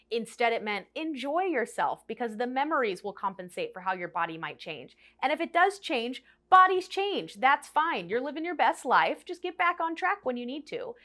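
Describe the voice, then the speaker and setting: A woman's voice: medium pitch, a bit bright. Emotional young woman vlogger. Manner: candid, emotional, quotes her own thoughts aloud. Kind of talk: personal confessional chat to camera.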